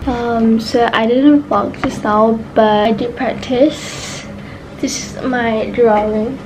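Slow, soft-spoken Malaysian teen girl. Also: fairly high pitch, low-quality recording. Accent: Malaysian English. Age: late teens. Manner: chatty, giggly, mixing English and Malay. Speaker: vlogger. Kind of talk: casual vlog talk. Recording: faint background noise.

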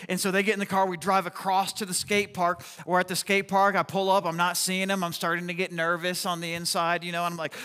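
A man preaching a sermon, telling a personal story in an animated, chatty way with lots of fillers. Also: sits high, brisk. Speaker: pastor. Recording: long hall reverb.

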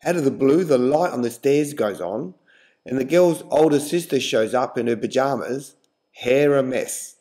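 A man narrating a scripted joke in a measured storytelling manner. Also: mid-range voice, warm tone. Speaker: joke teller.

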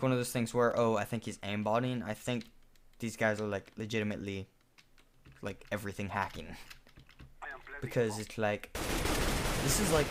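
A man giving casual commentary over his own shooter match, chatty and self-deprecating, with sudden excited outbursts. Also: lowish voice. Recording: noisy home recording with background hiss. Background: keyboard clicks and in-game gunfire.

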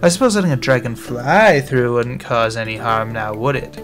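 A man's voice: mid-range voice, normal speed, close to an everyday voice. Guy reading as a sly money-grubbing merchant, wheedling, game music faint behind.

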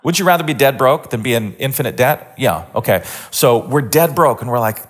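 A man giving a sermon-style lecture, earnest, often repeating words and pushing his voice up and louder to stress a point. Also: animated, normal speed. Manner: earnest, builds emphasis with rising pitch and volume.

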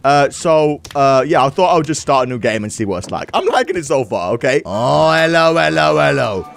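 Goofy swearing gaming host. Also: male voice, mid-range voice, sing-song, fast. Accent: British put-on. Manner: goofy, joking, swears a lot, puts on silly voices. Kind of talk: let's-play commentary. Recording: commentary over game music.

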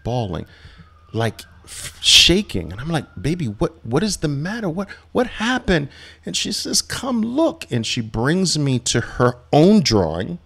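A middle-aged man hosting a live Q&A on trading, telling stories in a casual, animated way and acting out quotes with big jumps in pitch. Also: gravelly. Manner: animated, acts out quotes with sharp rises in pitch, laughs often.

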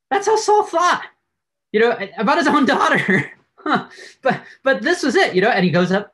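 A man giving a Bible class lecture, telling the stories in an animated way and often laughing. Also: very high-pitched, normal speed. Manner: animated storytelling, frequent laughs.

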